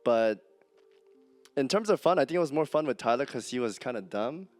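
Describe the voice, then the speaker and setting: A man's voice: mid-range voice, lively intonation, brisk, faint music behind. A man, a streamer on a convention panel, chatting in an upbeat way and laughing often. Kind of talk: casual live panel chat. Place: convention stage.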